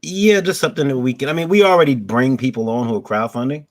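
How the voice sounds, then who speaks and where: Male guest on a remote call, mid pitch, halting and full of fillers. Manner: hesitant, many fillers and restarts, laughs easily. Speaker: guest, fellow show host. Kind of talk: casual panel chat.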